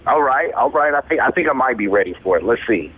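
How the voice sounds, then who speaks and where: A young man in his twenties tells his story in loose, profane street slang, tacking "man" onto nearly every sentence. He speaks at a mid pitch as a rapper being interviewed. The sound is thin and tinny, like a phone line. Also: expressive, fast, a little hiss or hum. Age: 20s. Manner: laid-back, profane street slang, says "man" constantly. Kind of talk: casual storytelling.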